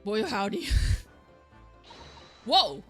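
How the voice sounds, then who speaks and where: A young woman chatting through a game playthrough, scatterbrained and giggly, reading bits aloud. Her voice is bright and bounces around a lot. Soft game music plays behind her. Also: fairly high pitch, animated, extremely slow. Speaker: let's play streamer. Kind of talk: casual gameplay commentary.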